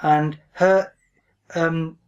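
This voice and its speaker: A man's voice: a little high, steady tone, drawn-out words, muffled recording. A man vlogging about books in a casual, rambling way, reserved in manner. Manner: reserved, rambling, often says "frankly". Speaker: book vlogger. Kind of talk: casual talk to camera. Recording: voice a bit distant from the mic.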